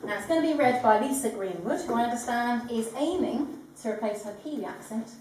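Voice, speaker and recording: A woman's voice: a little high, animated, a little fast, darkish tone, a little hiss or hum. Woman celebrant in an echoey hall. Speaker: wedding celebrant. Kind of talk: formal ceremony address. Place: large echoing room at a ceremony. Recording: echoey room from far off.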